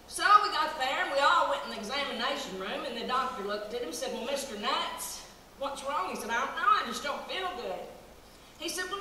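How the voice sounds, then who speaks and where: A woman's voice: high voice, pushed and bright. A woman telling folksy country comedy stories on stage with a drawl, chatty and playful. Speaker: stand-up comic in character. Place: live stage show in a large hall. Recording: echoey hall from far off, noisy.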